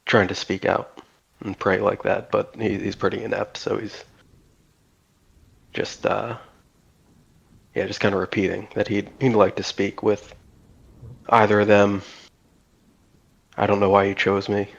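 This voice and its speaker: A man's voice: on the low side, flat delivery, measured pace, vocal fry, pauses often, husky, highs cut off. A man playing a tabletop game, describing his character's actions hesitantly with many fillers. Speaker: player.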